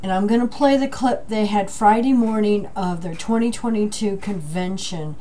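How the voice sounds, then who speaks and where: Emotional, halting middle-aged woman vlogger. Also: mid-range voice, mellow, slight background noise. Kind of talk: emotional commentary vlog. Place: home with a dryer running. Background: a dryer running.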